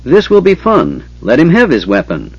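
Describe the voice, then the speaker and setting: A man voicing a shrieking, menacing giant dragon with a shrill, hissing voice. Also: huge pitch swings, moderate pace, darkish tone, slightly rough, no echo, dull audio.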